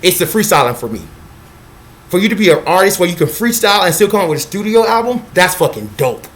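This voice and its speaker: Excitable rambling young man, high-pitched. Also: fast talker. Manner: scattered, excitable, profane, acts out quotes in a high voice. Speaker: vlogger. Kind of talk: casual rambling monologue.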